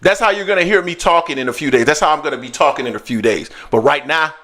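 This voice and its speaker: A man hosting a casual sports live stream, talking in loose, animated, slangy banter. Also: fairly high pitch, fast. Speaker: sports show host.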